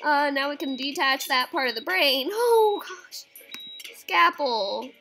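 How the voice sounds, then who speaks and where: A woman's voice: high-pitched, animated, takes it slowly, sharp tone, soft background music, low-quality recording. A young woman playing a surgery game, chatting casually, reading prompts aloud and reacting with squeamish exclamations. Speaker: game streamer. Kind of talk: casual let's-play commentary.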